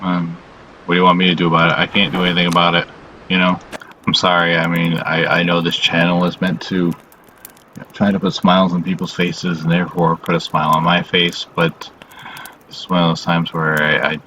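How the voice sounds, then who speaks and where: A man hosting a casual confessional vlog, weary and subdued, talking haltingly with lots of "you know" fillers and frequent swearing. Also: sits low, completely flat delivery, noisy background. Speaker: channel host.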